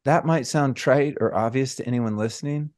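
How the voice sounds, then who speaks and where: A man hosting a podcast, telling a personal story in a casual, reflective way with drawn-out phrases. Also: medium pitch, a little mellow. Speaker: podcast host.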